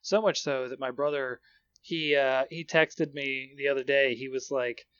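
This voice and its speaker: A man's voice: medium pitch, fairly even intonation, normal speed, fairly bright tone, clear, resonant tone, no echo. A man chats casually on a podcast, spinning long anecdotes and breaking into laughter along the way. His voice sits in a mid range and comes across dry, with a slightly muffled, lo-fi sound. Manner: chatty storytelling, laughs often. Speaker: podcast co-host. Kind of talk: casual chat.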